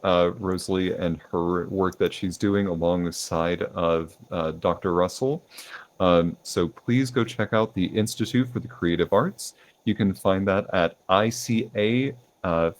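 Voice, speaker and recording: Low-voiced young male podcast host. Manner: relaxed, lots of fillers like um and uh. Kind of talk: casual interview questions.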